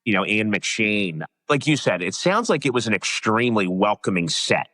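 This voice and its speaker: A man's voice: fairly low pitch, lively intonation, normal speed, fairly bright tone, long reverb tail. A man hosting an interview show, chatting casually and asking leading questions. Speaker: podcast host.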